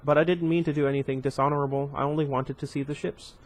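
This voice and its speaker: A man reading aloud as an earnest, shy young girl who speaks softly and apologetically. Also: fairly high pitch, fairly even intonation, quick pace, lightly acted. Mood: apologetic.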